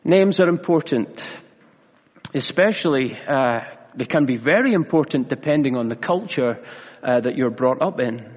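A pastor preaching a sermon in a measured way, slowing down for emphasis and adding light humor. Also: male voice, medium pitch, expressive. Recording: reverberant hall, dull lo-fi sound.

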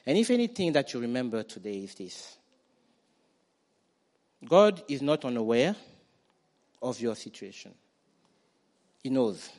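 A man preaching a sermon, animated, acting out quoted voices and building to loud declarations. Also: mid-range voice, a little slow, pauses often. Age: adult parent.

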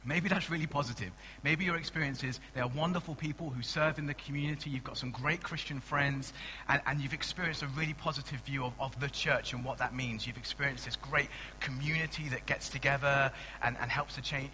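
A young pastor preaches in a chatty, animated way, stumbling over restarts and dropping playful asides. His voice is very bright and ringing, at a middle pitch for a man. A faint hum sits under the recording. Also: a little fast, big-room sound, low-quality recording. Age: young adult. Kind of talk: sermon.

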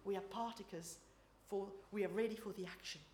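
A woman preaching and then leading a group in prayer, earnest and unhurried, sometimes dropping to a soft prayerful voice. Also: mid-range voice, fairly even intonation. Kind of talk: sermon and guided prayer. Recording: echoey room with faint ambience.

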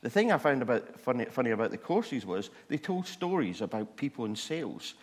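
Male preacher, animated self-mocking storyteller, reverberant hall sound. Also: medium pitch, fairly quick, husky. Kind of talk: humorous testimony sermon.

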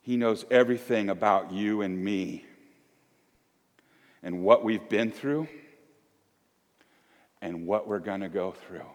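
A man in his fifties preaching a sermon as pastor, conversational and swinging between loud emphasis and hushed asides. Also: on the low side, slow, long pauses, in a large hall. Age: 50s. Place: church.

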